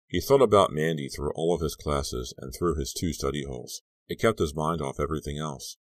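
A male audiobook narrator with an exceptionally deep voice reads in a steady, even way. The sound is close-miked and dry, with no room in it. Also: dry recording. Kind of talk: scripted narration.

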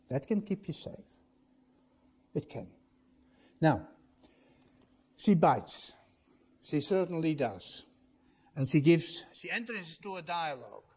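A man delivers a church sermon, slow and deliberate, his fairly high voice rising and falling widely. The tone is mellow and dark, and he presses his points with rhetorical questions to the congregation. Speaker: pastor.

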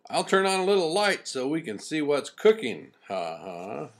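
A man doing a smooth-talking sly wolf. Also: a little high, sing-song, normal speed, pitched above the performer's own voice. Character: sly male wolf posing as a smooth ram.

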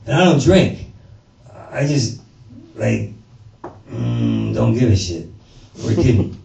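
This stand-up comedian's medium-pitched voice swings widely in pitch, and it is slow, creaky and mellow, with faint music behind it. Performing for an audience in a small space, he tells a digressive story full of stammers and profanity. The mic sounds distant, the room is audible, and there is a little noise.

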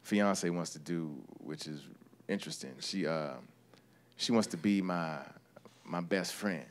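A man doing a stand-up comedy routine on stage, talking in an animated way and jumping into high-pitched voices to act out people. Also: measured pace, slight background noise. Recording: live show with audience laughter. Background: audience laughter.

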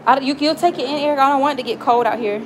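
A young woman with a relaxed Southern US accent talks on and on while she cooks at home, frank and full of stories, cursing without a second thought. Her voice sits a little on the high side. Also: rapid-fire, background noise. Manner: chatty, frank, storytelling, swears freely. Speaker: cooking vlogger. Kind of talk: casual livestream chat while cooking. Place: home kitchen.

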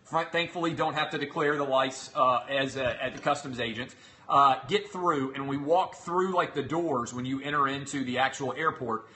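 A man's voice: mid-range voice, moderate pace, sharp tone. A man in his thirties hosting a talk show, retelling an ordeal in an exasperated, sarcastic way. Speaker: show host. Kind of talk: animated storytelling monologue.

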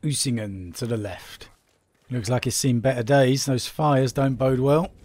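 A man's voice: mid-range voice, steady tone, unhurried, a little mellow, slight background noise. A man hosting a casual let's-play, chatting and teasing his friends as he plays. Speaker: gaming channel host.

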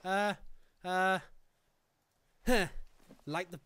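A man giving excitable live gameplay commentary, swearing and laughing often. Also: sits high, extremely slow, smooth. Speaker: game streamer.

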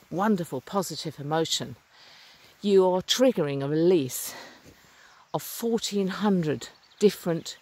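A woman's voice: on the low side, a little mellow. A middle-aged woman talking earnestly and chattily to a handheld camera while walking outdoors by a stream. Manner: earnest, upbeat, chatty with fillers. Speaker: vlogger. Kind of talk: walking vlog, casual talk to camera. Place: outdoors on a rural lane by a stream. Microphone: phone or camera held while walking.

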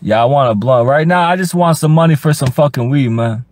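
A young man ranting on a livestream, profane and rambling, stuttering and repeating himself, sometimes breaking into high-pitched shouts. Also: a little fast, no echo. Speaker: livestream host. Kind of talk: casual livestream rant.

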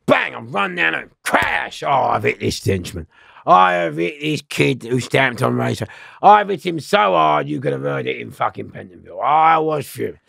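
Gravelly man telling a story. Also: mid-range voice, lively intonation, moderate pace, bright, forceful tone, no echo, clean studio sound. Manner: swearing freely, acts out other people's lines. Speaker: interview guest. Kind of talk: animated storytelling.

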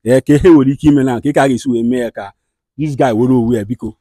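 Nigerian man, skit host; rapid, scolding-then-soothing delivery, dry close sound. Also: medium pitch, steady tone, dark tone, no room sound. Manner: fast, scolding and soothing by turns. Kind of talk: comedy skit with direct address.

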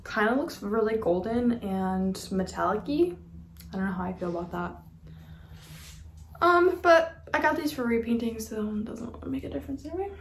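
This vlogger has a fairly high, animated voice and a moderate pace as she unboxes model horses. Her casual talk is gushing and loaded with filler words, set in an echoey space with faint noise in the background.

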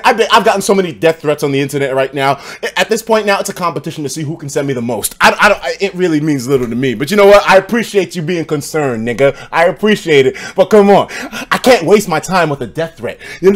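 Young man, streamer, tipsy, profane, swoopy lively pitch, slightly high voice, casual home stream chat. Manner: loose, profane and excitable, swinging between loud outbursts and low mumbles. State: tipsy after drinking. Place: home apartment.

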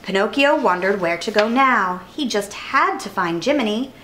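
A woman storyteller reading a children's picture book aloud in an expressive way. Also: medium pitch, normal speed, slight background noise. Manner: expressive, animated.

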